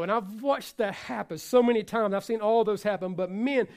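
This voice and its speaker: A male pastor preaching a sermon, passionate and repetitive, swinging between loud exhortation and quiet asides, joking with the congregation. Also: sits high, moderate pace, few pauses. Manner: repeats phrases for emphasis, jokes with the congregation.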